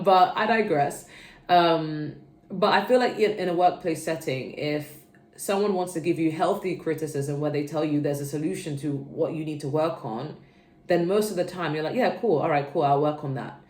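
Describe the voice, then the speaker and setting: A woman's voice: low-pitched, darkish tone. A young woman giving a casual, chatty tarot reading to her viewers, rambling and checking in with "okay" often. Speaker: tarot reader. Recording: roomy echo.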